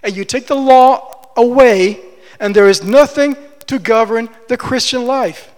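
Impassioned high-voiced male preacher in a hall. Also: unhurried. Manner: impassioned, rises to emphatic declarations. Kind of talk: expository sermon. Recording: long hall reverb.

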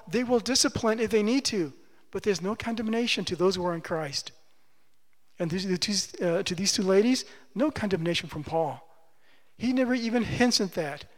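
High-voiced preacher in a reverberant hall. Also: male voice. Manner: pleading, emphatic preaching with slow drawn-out phrases. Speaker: pastor. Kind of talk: sermon.

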